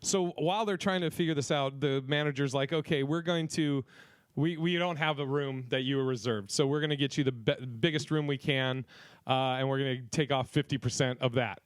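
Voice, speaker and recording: A man's voice: medium pitch, a little fast, clean tone, dry recording. A man co-hosting a podcast, telling a rambling, profane anecdote in casual chat and acting out the other people's lines. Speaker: podcast co-host.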